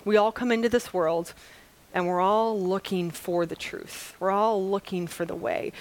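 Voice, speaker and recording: A middle-aged woman preaching a sermon, retelling a story with lively acted-out dialogue. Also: medium pitch. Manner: lively storytelling, acting out voices in retold dialogue. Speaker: pastor.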